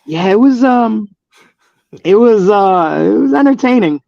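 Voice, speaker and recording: A man's voice: high voice, lively intonation, a little slow, creaky, darkish tone, dry recording, highs cut off. A man, a professional wrestler, telling stories in a casual interview, rambling with many fillers and restarts.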